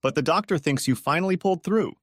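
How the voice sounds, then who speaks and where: A man's voice: on the high side, fast talker, dry recording, clean studio sound, voice pushed up, lightly acted. A man voicing a kind British woman nurse who talks in a soothing, reassuring way. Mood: kindly reassuring.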